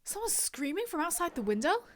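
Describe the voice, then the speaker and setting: Woman streamer from Scotland, high clear voice, casual and sweary. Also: sing-song, a little fast. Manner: reads game text aloud, sweary and giggly. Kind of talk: casual gameplay chat.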